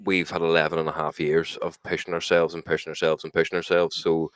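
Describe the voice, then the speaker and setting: A man's voice: extremely low pitch, level tone, fast, clear, resonant tone, dry recording, clean studio sound. A man, chatting casually as co-host about making music and telling prank call stories, swearing freely. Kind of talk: casual chat.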